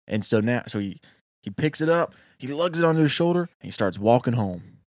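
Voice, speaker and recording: A man's voice: mid-range voice, brisk, dry recording, clean studio sound. A man brainstorming a short film, telling a long folk tale with animation. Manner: animated storyteller. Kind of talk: casual brainstorming chat.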